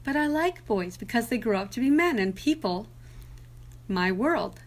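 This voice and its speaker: A woman's voice: fairly high pitch, animated, normal speed. A woman voicing Father Time as a stern old man in a storybook reading, in a grave, lecturing tone.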